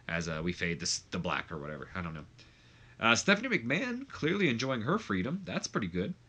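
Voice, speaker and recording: A man's voice: low-pitched, sing-song, fast, bright, forceful tone. A man giving casual, rambling commentary over a wrestling management game, with many fillers. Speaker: gameplay commentator.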